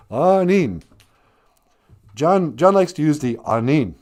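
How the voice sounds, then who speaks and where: A man's voice: on the high side, very animated, takes it slowly, a little mellow. A man hosting a casual live stream, joking, greeting viewers by name and laughing often. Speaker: live stream host teaching Ojibwe.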